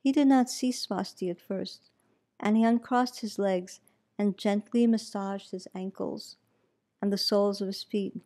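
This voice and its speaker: A woman meditation teacher reading a story aloud in a calm, measured way. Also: mid-range voice.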